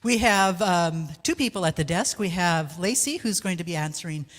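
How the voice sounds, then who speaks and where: A woman's voice: lowish voice, moderate pace, long reverb tail. A woman giving church announcements as volunteer coordinator, chatty and joking, often correcting herself.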